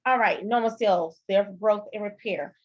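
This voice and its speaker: A woman's voice: mid-range voice, normal speed, no echo. A female nursing instructor lecturing and telling a personal story in a conversational, rambling way with many fillers. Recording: dull, dry lo-fi recording.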